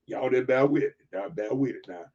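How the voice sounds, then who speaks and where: A man preaching reflectively to an online audience, emphatic and repeating words as he builds to near-shouts. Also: mid-range voice, a little fast, highs cut off. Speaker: livestream preacher.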